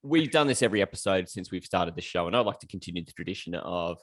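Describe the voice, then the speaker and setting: A man's voice: low voice, expressive, quick pace, a bit bright, no room sound, studio quality. A young Australian man hosting a casual podcast chat, joking and laughing with his mates. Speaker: podcast host.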